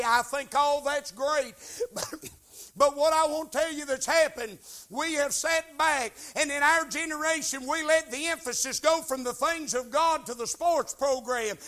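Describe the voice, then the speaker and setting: A preacher delivers a sermon from a church, his voice very high and bright. He pleads with the congregation, climbing to shouted questions before sinking back to hushed, earnest tones. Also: moderate pace. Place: church sanctuary.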